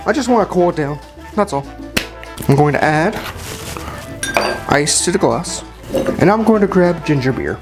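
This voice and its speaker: A man with a slightly high, animated voice demonstrates cocktails at his home bar, talking at a moderate pace and pausing often while music plays behind him. He's chatty and informal, full of fillers and self-corrections.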